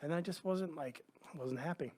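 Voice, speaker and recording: A middle-aged man on a podcast, casually telling an animated story and acting out the other people's lines. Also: on the high side, normal speed. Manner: animated anecdotes, acts out quoted voices. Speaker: podcast guest.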